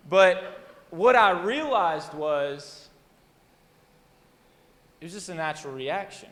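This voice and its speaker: A man preaching a storytelling sermon, animated and rambling, often interrupting himself. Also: high voice, a little slow, long pauses, in a large hall. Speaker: pastor. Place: church hall.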